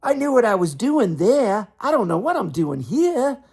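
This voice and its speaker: A man impersonating a friendly male tennis star, with a much higher, breezy voice. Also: very animated, normal speed, gravelly, a little mellow, husky, exaggerated voice. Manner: breezy, calls everyone mate.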